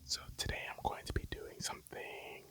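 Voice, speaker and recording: A young adult of about twenty talking in a breathy whisper through a mukbang ASMR video, casual and blunt, swearing and rambling between bites. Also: moderate pace, low-quality recording. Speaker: mukbang vlogger.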